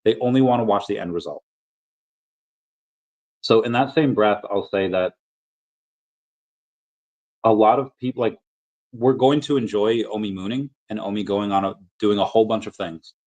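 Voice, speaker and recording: A man's voice: on the low side, moderate pace, long pauses, a little mellow, muffled recording. A man hosting a casual livestream, rambling loosely with fillers and restarts as he reads viewer comments. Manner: playful, drops into sung and silly voices reading comments. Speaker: livestream host reading chat.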